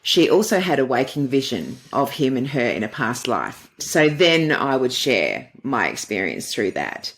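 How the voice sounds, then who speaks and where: Her voice rumbles low as this middle-aged dating coach, a guest on a podcast, responds to the interviewer's questions. She tells stories in an earnest, flowing way.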